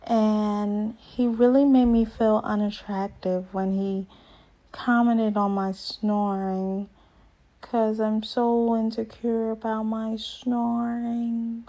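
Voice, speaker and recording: Woman mimicking a meek, slow-talking young woman. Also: fairly high pitch, level tone, warm tone. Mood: hurt.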